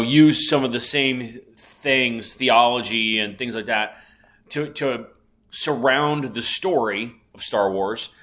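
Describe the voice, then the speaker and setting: A man's voice: mid-range voice, a bit bright. A man in his fifties, a podcast co-host, telling a rambling story in casual chat and swearing freely. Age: 50s.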